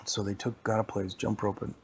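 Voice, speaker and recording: A man's voice: on the low side, level tone, brisk, vocal fry, slight background noise. A man casually telling a made-up story, rambling and repeating himself as he goes. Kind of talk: improvised bedtime-style storytelling.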